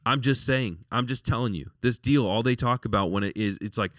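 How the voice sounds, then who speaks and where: A man's voice: mid-range voice, fast talker, hardly any pauses, fairly bright tone, no echo, studio quality. A man of about forty, co-hosting a sports podcast in a rambling, casual way, often repeating words and laughing. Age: 40s. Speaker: podcast co-host.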